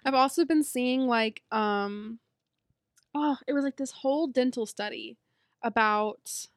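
A woman's voice: a little high, measured pace, no echo, clean studio sound. A young woman co-hosting a podcast, chatting in an easygoing, agreeable way. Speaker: podcast co-host. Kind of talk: casual chat.

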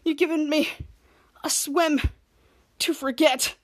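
A woman's voice: fairly even intonation, takes it slowly. A woman quoting a grown male superhero, reading his lines melodramatically in a raised voice. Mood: melodramatic. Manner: paraphrased quotes read with a raised pitch.

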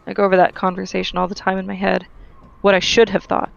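A reader giving a steady, earnest first-person reading of a novel. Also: medium pitch, fast, gravelly, muffled recording. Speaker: audiobook reader.

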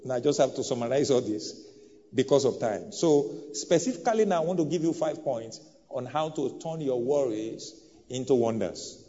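A man's voice: expressive, moderate pace. A man, a pastor preaching a sermon to a congregation in a church hall, with big swings in volume and emphasis. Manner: preaching with bold swings of pitch and loudness. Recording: dull sound with long hall reverb.

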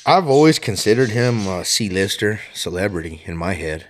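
A man's voice: on the low side, very animated, moderate pace, a little hiss or hum. A man co-hosting a podcast in casual chat, blunt and opinionated, swearing freely. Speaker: podcast co-host.

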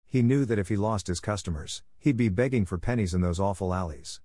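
Low-voiced male narrator for a dark comic tale, deadpan, dry close sound. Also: brisk, no echo. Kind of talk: scripted comic story narration.

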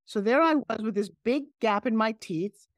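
A middle-aged woman with a New York accent, a guest telling animated stories on a video call. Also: fairly high pitch, moderate pace, dry recording. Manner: animated, emphatic storyteller. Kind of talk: casual interview storytelling.

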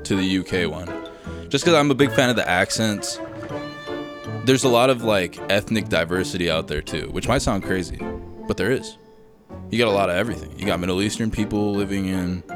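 A young man hosting a solo podcast from his room at home. He rambles, gets sidetracked, says "dude" a lot and swears freely. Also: fairly low pitch. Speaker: podcast host. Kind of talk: casual solo podcast chat. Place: home room with recording setup.

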